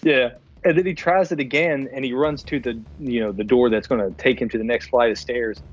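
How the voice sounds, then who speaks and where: A man co-hosting a casual podcast chat about a film over beer, retelling scenes in a profane, animated way. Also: medium pitch, fairly quick, lo-fi sound. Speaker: podcast co-host.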